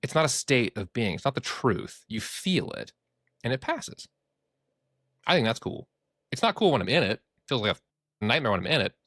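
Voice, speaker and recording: A man who works as a therapist, hosting a casual podcast and talking in an animated, joking way. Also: medium pitch, moderate pace, pauses often, dry recording, clean studio sound. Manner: animated, joking, acts out quoted voices.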